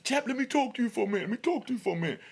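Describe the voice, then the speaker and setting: Guy doing a young inmate yelling, cursing everybody out, high and raspy. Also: brisk. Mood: ranting. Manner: yelling, brash street talk. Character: loud defiant young male inmate, cursing and reckless.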